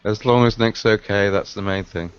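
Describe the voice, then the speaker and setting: A man chatting casually in a measured, thoughtful way during a video call, pausing on fillers. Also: fairly low pitch, steady tone. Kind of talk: casual chat. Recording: dull lo-fi video call audio with faint noise.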